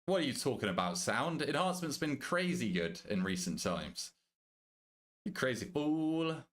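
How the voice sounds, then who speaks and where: A young British man streaming a game, chatting casually with his viewers, joking, swearing and thinking out loud. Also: mid-range voice, big pitch swings, normal speed. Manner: banters with chat, swears casually, thinks aloud. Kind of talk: casual live-stream chat.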